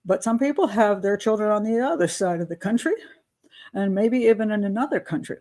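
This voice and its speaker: A woman's voice: medium pitch, a little fast, dark tone. An older woman from the United States hosting an advice show, talking in a chatty, unscripted way with asides. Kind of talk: casual advice monologue.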